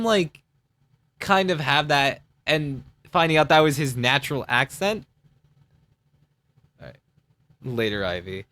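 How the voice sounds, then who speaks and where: A man's voice: mid-range voice, expressive, a little slow, long pauses, pushed and bright, no echo. A young man streaming casual commentary on his own parody series, rambling with lots of fillers and laughs.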